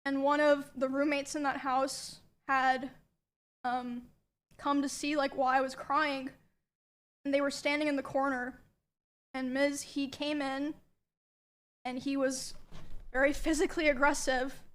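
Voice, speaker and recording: A young woman quietly recounting a painful past experience, hesitant, with many pauses. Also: high voice, flat delivery. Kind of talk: personal account of a painful past.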